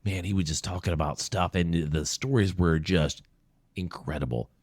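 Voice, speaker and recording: Low-pitched man, earnest storytelling, dry close mic. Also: normal speed, a little mellow, dry recording. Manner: earnest, emotional, storytelling with quoted voices. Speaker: podcast guest, veteran advocate. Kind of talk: conversational storytelling interview. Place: small room.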